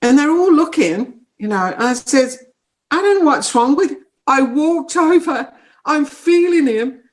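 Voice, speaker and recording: A woman's voice: sits high, a little slow. A middle-aged woman, a psychic medium telling funny stories in an interview, often breaking into laughter. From New Zealand. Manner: animated, laughing anecdotes. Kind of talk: casual storytelling interview.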